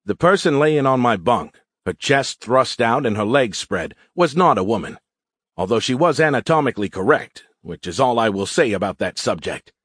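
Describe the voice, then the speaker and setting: A man's voice: medium pitch, expressive, normal speed, a bit bright, slightly rough, no echo, studio quality. A man reading a first-person audiobook in a wry, self-mocking way. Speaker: audiobook narrator. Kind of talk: scripted first-person narration.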